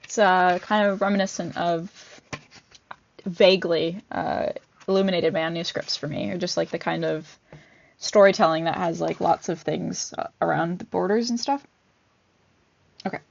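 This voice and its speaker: A woman's voice: lowish voice, normal speed, gravelly. A woman vlogger reading a picture book aloud, with chatty asides and fillers between pages. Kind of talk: casual read-aloud with commentary. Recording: dull lo-fi recording.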